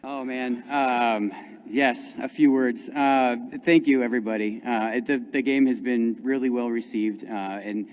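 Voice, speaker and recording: A man's voice: mid-range voice, steady tone, a little slow, a little mellow, clear, resonant tone. A man giving a short, hesitant and humble thank-you speech at a convention seminar, full of fillers. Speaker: award-winning pinball designer.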